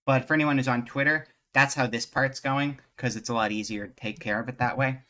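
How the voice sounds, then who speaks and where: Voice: mid-range voice, fairly even intonation, fairly quick, pushed and bright. A game streamer chatting casually with viewers and reading game dialogue aloud during a live stream.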